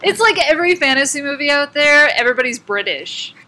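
A woman's voice: sits high, expressive, fast, bright, forceful tone, a little hiss or hum. A woman co-hosting a casual podcast, introducing bands in a rambling, giggly way and swearing casually. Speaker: podcast co-host presenting bands. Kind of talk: casual chat.

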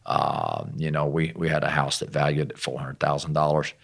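A middle-aged American missionary with a low, gravelly voice tells a personal story in a relaxed way. He pokes fun at himself and acts out bits of dialogue as he goes. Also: moderate pace. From United States. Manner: animated storyteller, self-deprecating humor, acts out dialogue. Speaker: missionary guest. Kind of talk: casual storytelling testimony.

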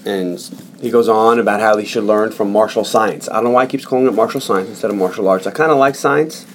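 A man's voice: on the low side, fast talker, slight background noise. A man hosting a podcast, retelling a movie in casual chat and acting out the quotes. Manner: animated storyteller, acts out quotes. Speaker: podcast host.

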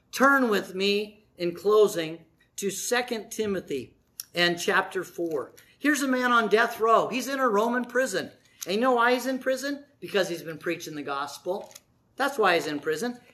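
A man preaching a sermon as pastor, emphatic, swinging between loud declarations and hushed lines. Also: very high voice.

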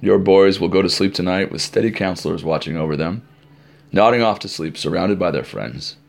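Deep-voiced man telling camp stories. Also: fairly quick, vocal fry. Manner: animated storyteller, acting out crowd shouts. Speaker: camp director. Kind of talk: informal podcast storytelling.

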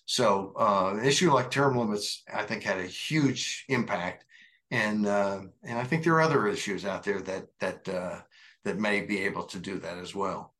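A man's voice: mid-range voice, fairly bright tone. A man in casual political discussion, talking in a meandering way with frequent fillers.

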